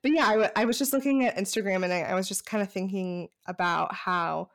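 A woman's voice: mid-range voice, fairly quick. A woman co-hosting a podcast in casual chat, chatty and saying "like" often. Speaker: podcast co-host.

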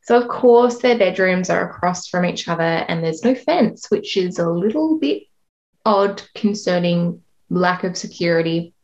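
A woman's voice: lowish voice, animated, unhurried, dull audio. A woman co-hosting a podcast, recapping a book in casual chat with blunt, crude quips. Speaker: podcast co-host.

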